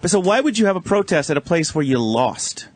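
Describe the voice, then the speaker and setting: A male radio host riffs in loose, profane studio banter, animated and mocking. His voice sits a little high for a man, and the studio mic sounds close and dry with no room in it. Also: a little fast, no echo. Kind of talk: casual crude studio banter. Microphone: studio microphone.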